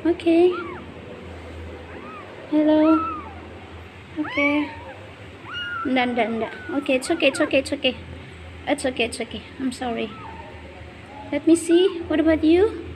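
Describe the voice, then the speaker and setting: A woman's voice: high-pitched, big pitch swings, a little slow, pauses often. A woman cooing at kittens and soothing them in repetitive baby talk. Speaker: cat lover filming kittens. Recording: noisy background with meowing kittens.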